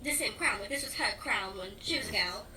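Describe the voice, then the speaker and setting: A woman's voice: medium pitch, lively intonation, a little fast, natural voice. A woman playing a shy, awkward young princess in a cosplay skit, stammering through a hesitant self-introduction with lots of ums. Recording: distant mic with background noise.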